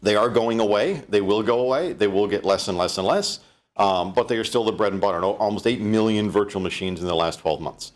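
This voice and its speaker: A man from Canada with a fairly low voice talks through a keynote in a relaxed, conversational way. He keeps stopping to restart phrases and fills gaps with "um" and "uh". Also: a little fast. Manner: conversational, fillers, many restarts. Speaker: keynote presenter. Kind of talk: live-streamed keynote talk.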